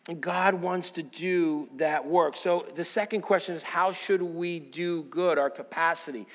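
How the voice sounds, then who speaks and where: High-voiced preaching man, reverberant hall. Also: fairly even intonation, normal speed, few pauses. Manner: preaching with rising intensity, then quiet reflective storytelling; rhetorical questions to the congregation. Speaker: pastor. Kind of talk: sermon.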